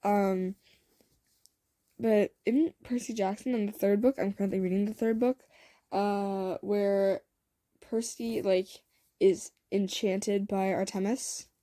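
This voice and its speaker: A young woman narrating a fan-made story in a casual, rambling way, full of fillers and asides and quick giggles. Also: medium pitch, steady tone, warm tone, no echo. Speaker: fan audio story creator.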